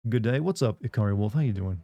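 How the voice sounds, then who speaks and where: A man's voice: fairly low pitch, animated, quick pace, warm tone, no echo. A man chatting casually with viewers while streaming a game, rambling, joking, and laughing often. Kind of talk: casual chat while playing.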